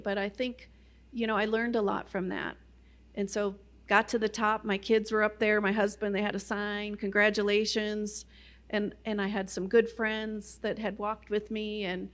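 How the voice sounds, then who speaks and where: Middle-aged woman telling her testimony. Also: medium pitch. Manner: conversational storyteller, many "you know" fillers. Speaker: guest speaker at a Christian ministry. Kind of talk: personal testimony talk.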